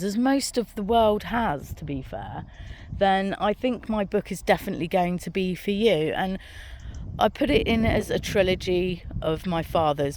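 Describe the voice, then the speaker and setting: A woman's voice: low-pitched, a little mellow, slight background noise. Chatty woman vlogging on a walk. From Britain. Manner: chatty and frank, swears casually, laughs at her own jokes. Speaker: author and vlog host. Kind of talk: casual walking vlog monologue. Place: outdoors on her farm, walking.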